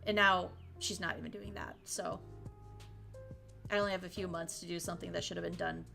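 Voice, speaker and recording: A woman's voice: on the low side, steady tone, brisk, vocal fry, music in the background. Young woman streamer, frank and sweary. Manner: frank, swears freely, laughs often. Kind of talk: casual livestream chat.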